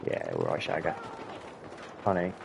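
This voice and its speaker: Brief: low-pitched man, chuckling storyteller, faint background noise. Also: sing-song, unhurried, gravelly. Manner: rambling, sweary, chuckling often. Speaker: podcast host and army veteran. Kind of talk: casual storytelling.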